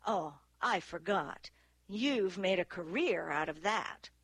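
A woman's voice: fairly low pitch, lively intonation, slow, a bit bright, breathy edge, dry recording, full character voice. A woman narrator voicing a blustering, defensive male official who barks his lines. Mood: indignant. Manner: barking, indignant.

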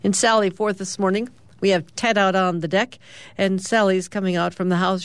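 A woman hosting morning radio, reading the comics aloud in a relaxed, chatty way with fillers. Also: medium pitch, normal speed, clean tone, no echo. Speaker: radio host.

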